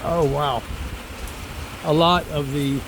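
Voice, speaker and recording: A man's voice: on the high side, fairly even intonation, slow, fairly bright tone, slight background noise, poor audio. A man in his seventies, a former teacher, chatting casually and rambling off on tangents while he picks figs outdoors. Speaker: fig grower and former teacher. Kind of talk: casual garden vlog. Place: outdoors among fig trees.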